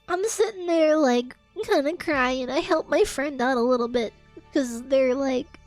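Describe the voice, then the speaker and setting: A woman's voice: high voice, unhurried, faint music behind. A young Australian woman streamer telling a chaotic story to her chat, laughing often and swearing. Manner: laughs often, swears, emotional and breathless retelling. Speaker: VTuber streamer. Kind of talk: casual storytelling rant to chat.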